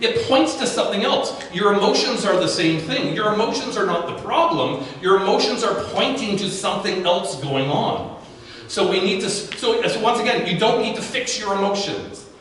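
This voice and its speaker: A man's voice: high voice, lively intonation, normal speed, a bit bright. Man speaking in an echoey room. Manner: conversational, with frequent restarts and repeated words. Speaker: guest speaker. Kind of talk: live talk to a business audience. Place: event room at a networking event. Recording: echoey room from far off with faint background noise.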